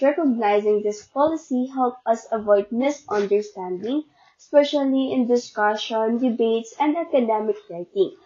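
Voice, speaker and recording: A young woman presenting a class report, explaining step by step and stressing example words deliberately. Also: fairly high pitch, a little mellow. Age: young adult. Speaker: student presenter. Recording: dull lo-fi sound.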